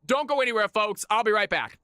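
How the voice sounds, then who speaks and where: A man's voice: high voice, lively intonation, quick pace, sharp tone, clean tone. A man hosting and casting a live game stream, chatty and hyped, laughing often as he talks to viewers. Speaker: stream host and caster. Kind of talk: casual live-stream chat.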